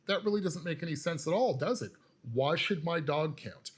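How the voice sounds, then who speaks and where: A man's voice: on the high side, expressive, moderate pace, slightly rough. Emphatic lecturing male commentator. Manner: lecturing, emphatic, repetitive, addresses viewers as "you guys". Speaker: political commentator. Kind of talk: monologue rant to camera.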